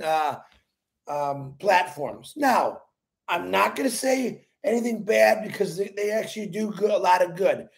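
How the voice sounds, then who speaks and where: A man's voice: sits high, vocal fry, darkish tone. A man hosting a casual live stream, greeting viewers by name, laughing often and repeating his points with emphasis. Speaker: livestream host.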